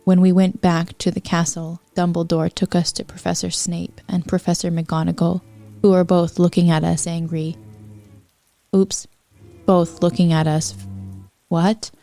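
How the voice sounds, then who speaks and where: A woman's voice: on the low side, level tone, moderate pace, dark tone, faint music behind. A woman hosting a podcast, reading fanfiction aloud with wry, apologetic asides.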